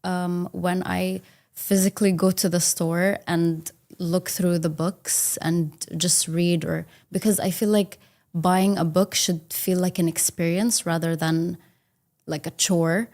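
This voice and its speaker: Woman, from India, exam candidate, slowish, mellow voice, thoughtful. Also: fairly low pitch, level tone. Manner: thoughtful, with fillers like um and you know. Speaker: test candidate. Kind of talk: practice speaking-test answers.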